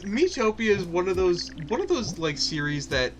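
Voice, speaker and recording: A man's voice: sits high, very animated, moderate pace, slight background noise. A man co-hosting a gaming video, rambling and teasing his friend in casual chat. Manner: rambling, restarts a lot, teasing. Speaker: gaming channel co-host. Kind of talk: casual chat over gameplay.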